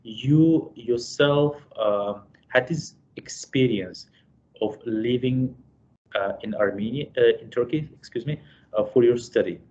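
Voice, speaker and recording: A man's voice: mid-range voice, a little slow, warm tone. A male host puts a question to his guest hesitantly, stopping often on fillers. The recording sounds dull and lo-fi. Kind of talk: interview questions.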